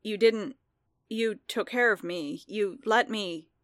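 A woman voicing a guarded, ashamed male warrior in a story reading, speaking softly and apologetically. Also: mid-range voice, takes it slowly, no echo, studio quality. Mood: subdued. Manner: soft, muted, apologetic. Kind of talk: audiobook fan fiction reading.

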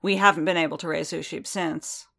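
A woman's voice: low voice, steady tone, a little fast, vocal fry, sharp tone, exaggerated voice. A woman reading the lines of a grim, wary veteran male bounty hunter who speaks in a dry, terse, understated way.

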